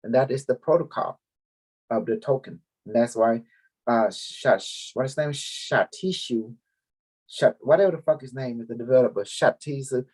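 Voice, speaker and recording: A man's voice: mid-range voice, normal speed, a little mellow, slightly rough. A man, talking casually and at length to his followers, rambling and repeating himself as he goes. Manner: rambling, repeats words, mixes languages. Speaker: group leader. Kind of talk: casual spiritual talk to followers.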